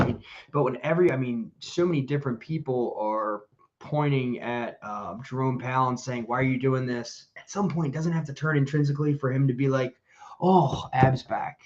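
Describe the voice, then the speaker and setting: A man chatting bluntly on a live podcast, swearing freely and rambling through his thoughts. His voice sits at an ordinary pitch. The remote audio comes through a little muffled. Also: a little mellow. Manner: blunt, profane, rambling with fillers. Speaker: podcast co-host. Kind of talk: casual live-stream chat.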